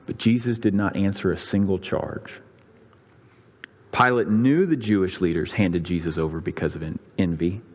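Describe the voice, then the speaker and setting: A man preaching a sermon, retelling the scripture story with dramatic flair and voicing the crowds. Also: moderate pace. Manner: dramatic storytelling, voicing the crowds' and priests' lines with rising pitch. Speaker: pastor. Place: church sanctuary. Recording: long reverb of a church hall.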